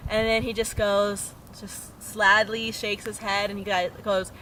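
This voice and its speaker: A young woman with a bright, forward voice spins anecdotes for an interviewer. She swings into the voices of the people in her stories with an animated, storytelling manner. Faint outdoor street noise sits under her voice. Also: mid-range voice, a little slow, few pauses, low-quality recording. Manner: animated anecdote-teller, acts out quoted voices. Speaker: state legislator.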